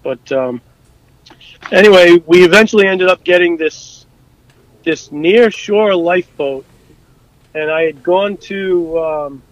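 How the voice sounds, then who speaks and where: A man casually telling stories from his time on rescue boats, animated and full of fillers and restarts, acting out what people said. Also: a little high, no room sound, highs cut off. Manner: animated, acts out quotes, many fillers and restarts. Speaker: guest, former rescue boat crewman. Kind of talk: casual storytelling.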